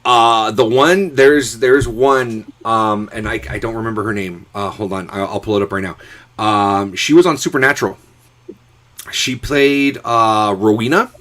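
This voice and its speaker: A man's voice: on the low side, measured pace, a bit bright. A man co-hosting a casual podcast chat, rambling loosely and swearing casually. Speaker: podcast co-host.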